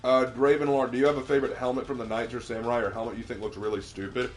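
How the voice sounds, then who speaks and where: A man's voice: medium pitch, little pitch movement, rapid-fire, soft background music. Laid-back young man streaming a game. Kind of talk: casual gaming stream chat.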